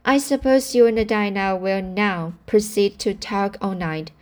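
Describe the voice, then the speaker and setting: A woman's voice: mid-range voice, measured pace, a little mellow, natural voice. A woman reading aloud and voicing a stern older woman who speaks sarcastically. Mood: sarcastic.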